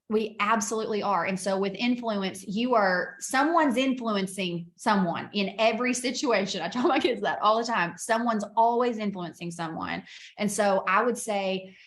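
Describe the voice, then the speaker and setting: A woman gives an emphatic, energetic coaching talk over a video call. Her voice sits a little high, and she laughs often as she drives her points home. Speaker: guest speaker, business coach.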